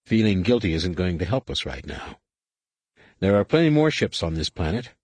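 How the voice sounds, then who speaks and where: A man's voice: sits low, big pitch swings, normal speed, darkish tone, no room sound. A man voicing a stern, commanding teenage male Jedi who speaks in a firm, clipped way.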